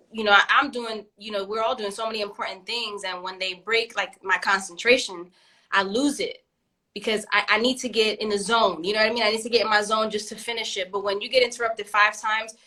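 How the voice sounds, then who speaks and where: A woman's voice: medium pitch, pushed and bright. A woman in her thirties from Brooklyn with a New York accent, co-hosting a casual talk show and acting out scenes with swearing and laughter. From East New York, Brooklyn. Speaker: podcast co-host. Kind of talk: casual chat.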